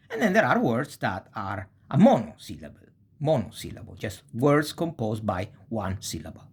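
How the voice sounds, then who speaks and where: A man teaching a language lesson, speaking slowly and deliberately and often checking in with "eh?". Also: mid-range voice, sing-song, a little mellow, slightly rough. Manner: slow and deliberate, frequent checking tags like "eh?". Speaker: Italian teacher.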